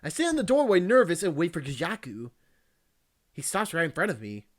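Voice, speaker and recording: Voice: mid-range voice, huge pitch swings, a little fast. A VTuber reading a visual novel aloud, breaking off for joking, crude, teasing asides and frequent laughs.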